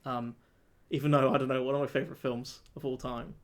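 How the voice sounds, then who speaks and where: A man co-hosting a casual film review chat, animated and laughing as he acts out scenes. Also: medium pitch, fast talker. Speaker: podcast co-host.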